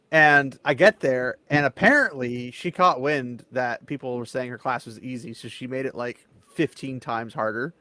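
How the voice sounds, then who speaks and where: A man's voice: medium pitch, a bit bright, no echo. Rambling man in a dry room. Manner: rambling, emphatic storytelling. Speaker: panelist. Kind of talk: casual chat.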